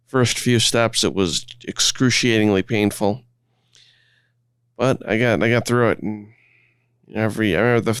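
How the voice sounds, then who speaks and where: Male guest, conversational storyteller, resonant clear voice, dry sound, self-deprecating. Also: lowish voice, no echo. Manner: relaxed, self-deprecating, often restarts phrases.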